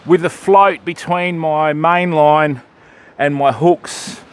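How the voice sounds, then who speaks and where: A man's voice: on the high side, fairly even intonation, slow, slight background noise. An Australian man chatting casually with viewers on a live fishing stream from an outdoor beach. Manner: chatty, matey, answering viewers.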